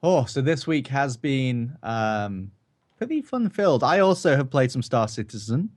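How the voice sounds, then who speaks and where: A man who streams, chatting casually about games in a relaxed, rambling, joking way. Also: medium pitch, a little slow. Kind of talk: casual chat.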